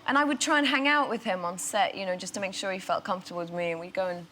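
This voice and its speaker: A woman guest on a talk show, telling anecdotes in an animated way. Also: medium pitch, racing, slight background noise. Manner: animated storyteller. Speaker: actress guest. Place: TV studio.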